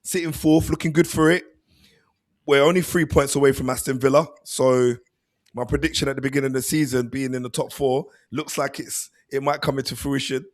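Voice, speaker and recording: A man, co-hosting a football podcast in casual chat on a video call, relaxed and chatty. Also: medium pitch, brisk. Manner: laid-back, chatty, uses "mate" and "bruv". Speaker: podcast co-host, football pundit.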